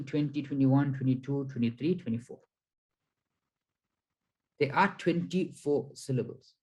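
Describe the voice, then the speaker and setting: A man giving a spiritual lecture over slides, explaining slowly and deliberately with frequent fillers. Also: on the high side, rough recording. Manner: counts syllables aloud one by one. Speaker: spiritual teacher.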